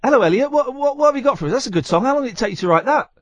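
Male phone-in host, high and very animated, dry studio sound, jokey and rambling. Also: very fast, no room sound, dull audio. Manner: jokey, rambling, laughs often. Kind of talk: late-night radio phone-in chat. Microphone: studio mic.

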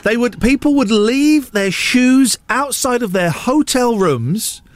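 A man hosts a radio show from the studio with animated chat and the odd rant. His voice sits high and jumps around a lot. The sound is close and dry. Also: slow, no echo. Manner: animated, ranting, self-mocking. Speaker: radio host.

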